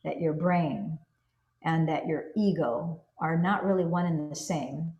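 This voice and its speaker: A woman's voice: deep voice, a little slow, darkish tone, echoey room, lo-fi sound. A woman giving spoken self-help teaching in an earnest, coaching manner, often acting out inner self-talk.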